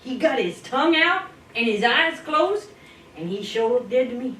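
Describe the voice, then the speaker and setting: A big, tough, not-so-bright male wolf from a spoken folk tale, as a woman storyteller puts him on. He talks in a slow, folksy drawl with a lively lilt. The sound is distant and echoey with a faint hiss. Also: fairly high pitch. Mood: insistent.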